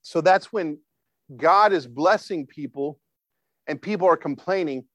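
A man with a fairly high, slightly bright voice preaches a conversational sermon at a measured pace, with no room sound. He often asks the congregation to respond, and his informal delivery is full of fillers and restarts.

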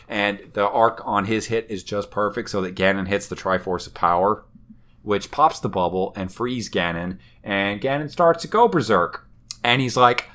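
A man's voice: fairly low pitch, moderate pace. A man co-hosting a podcast, retelling a cartoon episode in casual chat with wry, swearing humor. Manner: animated storytelling, wry and swearing. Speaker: podcast co-host.

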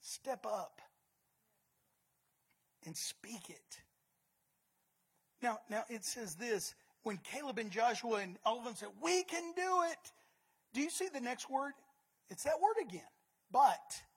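Husky high-voiced woman preaching a sermon. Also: expressive, slow pace, long pauses. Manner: emphatic, repeats words, swings between loud and soft.

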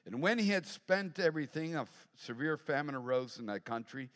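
A middle-aged man, a pastor, preaching a sermon and telling a personal story, animated and acting out voices. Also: a little high, a little fast. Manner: animated storyteller, acts out voices, laughs often. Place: large church hall. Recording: long hall reverb.

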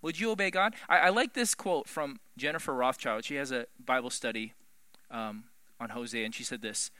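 Male preacher, animated and emphatic sermon delivery, bright sharp tone, dry close sound. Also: medium pitch, fairly quick, no echo. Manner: animated, emphatic, swings from loud to hushed.

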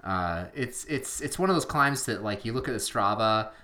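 A man's voice: fairly low pitch, expressive, moderate pace, pushed and bright. A man co-hosting a podcast, chatting casually in a rambling, self-deprecating way with lots of fillers. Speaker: podcast co-host. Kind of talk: casual chat.

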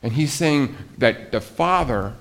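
A male pastor preaching a conversational sermon, lively and animated, asking the congregation rhetorical questions. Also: medium pitch, slow pace, gravelly.

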